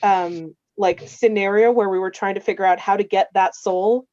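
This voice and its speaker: A woman from the game master staff talks at a moderate pace in a steady mid-range voice with a dark tone. The recording is dry and dull. In a casual livestream chat over video call, she tells long, rambling game stories crowded with fillers.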